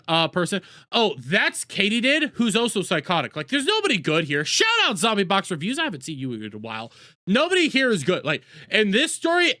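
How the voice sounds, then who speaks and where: A man's voice: sits high, pushed and bright, no echo, clean studio sound. A man doing crude, sarcastic reaction commentary as a streamer, mocking the people he watches.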